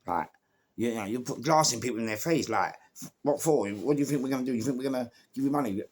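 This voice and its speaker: A man with a London accent telling a story in a casual, animated way, swearing freely and throwing in sound words and laughs. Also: medium pitch, quick pace, breathy edge. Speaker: former gangster telling his story.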